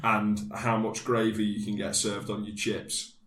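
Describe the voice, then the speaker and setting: A jokey man with a lowish voice and a bright, sharp edge co-hosts a comic chat. He throws in bursts of mock outrage. The sound is echoey. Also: completely flat delivery, measured pace. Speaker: podcast co-host. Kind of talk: casual comedic chat.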